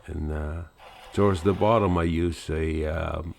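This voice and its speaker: Casual hobby-channel host, male, very low voice, easygoing rambling narration, faint shop noise behind. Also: measured pace, creaky. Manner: relaxed, rambling, with fillers and chuckles.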